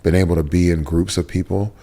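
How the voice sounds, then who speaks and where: Man, deep voice, earnest interview guest sharing a raw personal story, casual and emotional. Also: fairly even intonation, fast, warm tone. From Texas, USA. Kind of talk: candid personal testimony in a sit-down interview.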